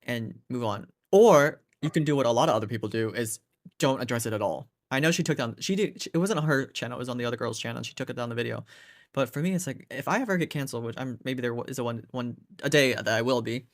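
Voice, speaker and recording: Man, casual commentary host, opinionated, chatty. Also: medium pitch. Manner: opinionated, conversational, quick asides.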